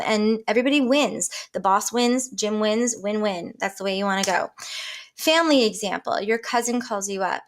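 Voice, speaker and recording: A woman coaching her listeners in a lively, conversational way. Her voice sits a little high, and she slips into short acted exchanges to make a point. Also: normal speed. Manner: lively, acts out example dialogues. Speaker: life coach. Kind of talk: coaching talk to camera.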